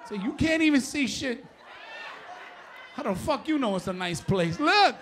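A middle-aged man with a New York accent doing a profane stand-up set on a live stage, often shouting his punchlines and laughing through the bits. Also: very high voice, lively intonation, moderate pace, a faint crowd, a little hiss or hum. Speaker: stand-up comedian. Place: live comedy stage before an audience.

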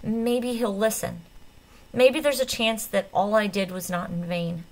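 A woman reading a novel aloud in the first person, with an expressive, dramatic delivery. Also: mid-range voice, a little slow, poor audio. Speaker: audiobook reader. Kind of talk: first-person audiobook narration.

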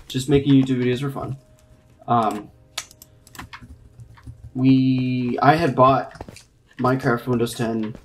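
A young adult in their twenties hosting a casual gameplay chat, excitable and quick to yelp when startled. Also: mid-range voice, a little hiss or hum. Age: 20s. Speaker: gaming channel host. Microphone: computer mic with clicking keys.

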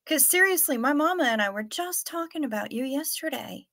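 A woman's voice: high voice, expressive, sharp tone. A woman hosting a casual livestream, reading viewers' comments aloud and teasing them playfully, often laughing and trailing off mid-thought. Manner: trails off and restarts, unhurried. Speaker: livestream host.

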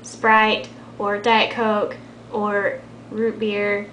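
A soft-spoken young woman from Texas with a light Texan accent and a high-pitched voice, chatting casually to her camera. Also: completely flat delivery, drawn-out words, a little hiss or hum. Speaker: vlogger. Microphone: built-in camera mic. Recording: echoey room.

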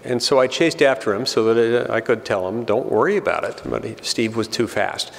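Middle-aged male speaker, gravelly, dry self-deprecating humor, reverberant hall. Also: mid-range voice, steady tone, moderate pace, heavy background noise. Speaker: senator giving a speech. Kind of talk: humorous public speech.

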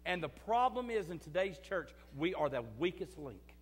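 High-voiced pastor preaching in a hall. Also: male voice, animated, normal speed, slightly rough. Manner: swings between loud emphatic and quiet confiding; repeats phrases for emphasis. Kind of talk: sermon. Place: church sanctuary. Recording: church hall reverb.

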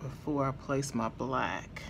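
Over a noisy background, a makeup vlogger chats slowly through a tutorial in a medium-pitched, creaky voice. She's playful and talkative, addressing viewers as y'all and laughing lightly.

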